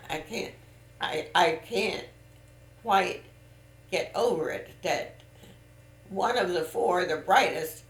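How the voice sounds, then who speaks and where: An older woman, a grandmother, talking haltingly and reflectively in a casual family interview, her voice aged and thin of its old range. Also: on the low side. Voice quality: aged voice with little singing range left. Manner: halting and reflective, with restarts and trailing off. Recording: roomy echo.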